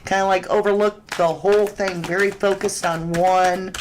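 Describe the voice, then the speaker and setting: A woman hosts a live tarot reading, working through viewers' questions in a chatty, conversational manner with frequent restarts and fillers. Her mid-range voice is fairly even and moves at a normal pace, and the rough recording has a little hiss or hum.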